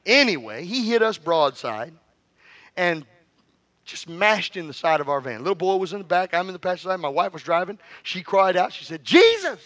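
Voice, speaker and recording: A middle-aged man preaching with fervor, his voice high and ringing. He calls for amens, tells stories and jokes with the congregation. The sound is close and dry, with no room echo. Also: animated, brisk, fairly bright tone. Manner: fervent preaching with call-and-response; storytelling, joking with the congregation. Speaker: pastor. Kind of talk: sermon.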